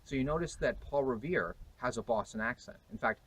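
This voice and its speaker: A man's voice: mid-range voice, expressive, fairly quick, a bit bright, slightly rough, rough recording. A man with an American accent, a historian explaining emphatically to camera on location outdoors. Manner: emphatic, explanatory, sometimes hesitant.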